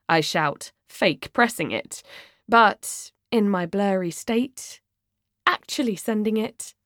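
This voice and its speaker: A woman reading a first-person audiobook in an expressive, dramatic way. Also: fairly low pitch, a little slow, no echo, studio quality. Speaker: audiobook narrator.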